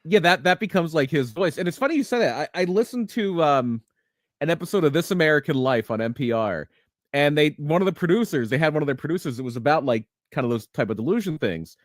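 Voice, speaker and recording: A man's voice: fairly high pitch, expressive, fast, dry recording, clean studio sound. Rambling man telling wrestling stories. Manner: rambling storyteller, many restarts, laughs. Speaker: podcast co-host. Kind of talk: casual wrestling chat.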